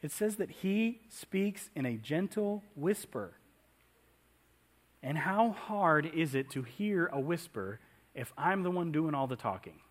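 A man's voice: fairly high pitch, animated, slow pace. Man preaching a conversational sermon. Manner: conversational, asks the congregation questions. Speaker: pastor.

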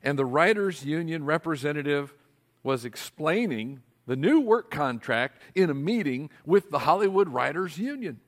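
A male pastor preaching a sermon, asking his congregation rhetorical questions in an animated way. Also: a little high, normal speed.

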